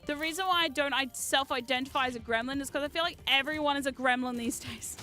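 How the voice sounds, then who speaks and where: A woman streaming a game, chatting excitedly with her viewers, swearing freely and shouting at the game. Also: high-pitched, brisk, few pauses, soft background music. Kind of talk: live-stream gameplay chat.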